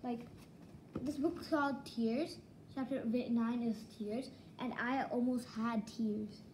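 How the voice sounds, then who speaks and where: A woman with a fairly high voice gives a casual spoken manga review. She talks slowly but excitably and keeps reaching for "like" as she rambles along. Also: a little hiss or hum, rough recording. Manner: rambling, excitable, heavy use of "like".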